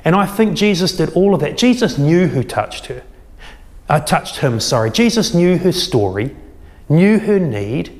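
A man delivers a sermon, retelling a story with animated, acted-out quotes. His voice sits a bit high. It rings out with the long reverb of a large hall. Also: a little slow. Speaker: pastor.

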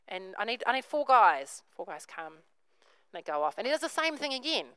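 A woman's voice: mid-range voice, sing-song, a little fast, fairly bright tone, clean tone, no echo, low-quality recording. A woman, preaching a sermon, telling a story and acting out the characters' voices.

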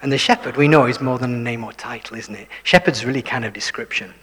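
A man preaching a sermon, dropping to hushed whispers for emphasis and putting questions to his listeners. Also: medium pitch, quick pace. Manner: shifts between full voice and hushed whispers for emphasis; self-deprecating, asks the listeners questions. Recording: long hall reverb.

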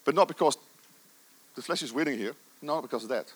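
A man's voice: mid-range voice, fairly quick, husky. A middle-aged man preaching a sermon with passion, stressing his points and repeating phrases for emphasis.

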